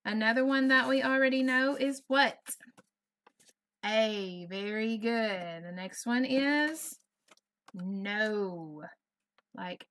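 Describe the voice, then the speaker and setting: Slow, patient woman teaching phonics. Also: on the high side, a bit bright. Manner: patient, encouraging, over-enunciates sounds. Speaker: first grade teacher. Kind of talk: slow, clear online phonics lesson. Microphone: computer mic on a video lesson.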